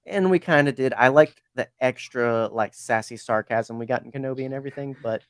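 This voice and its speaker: A man's voice: medium pitch, fairly quick, dry recording. A man hosting a podcast, chatting casually and enthusiastically, rambling with lots of fillers. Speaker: podcast host. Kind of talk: casual chat.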